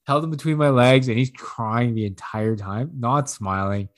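At an ordinary speed, a man tells a long, digressive, profane story while chatting casually on a podcast. He laughs often and voices the quoted parts higher.

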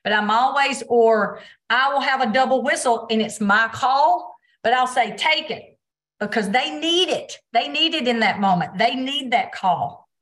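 A woman speaks in a fairly high voice over a video call. She tells her stories with energy and acts out the things she says to coaches and partners. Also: normal speed, few pauses. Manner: animated storytelling, acts out quotes. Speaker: basketball official. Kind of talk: recorded video call interview.

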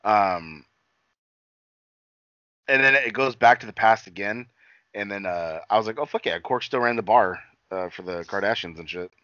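A man's voice: lowish voice, moderate pace, long pauses, pushed and bright, no room sound, lo-fi sound. A man casually recapping a TV episode in a rambling, profane chat full of fillers and quoted lines. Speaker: podcast co-host recapping an episode.

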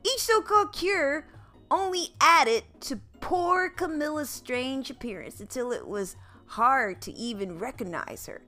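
A woman's voice: high voice, bright, forceful tone. A woman podcast host reading a children's book aloud, playful and adding comic asides. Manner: playful, laughs at her own asides.

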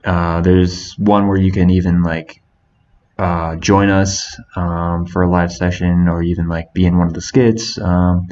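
A man's voice: deep voice, little pitch movement, unhurried, a little mellow, slight background noise. A man co-hosting a casual podcast, talking in a rambling, laid-back way with lots of fillers. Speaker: podcast co-host. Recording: dull lo-fi podcast audio.

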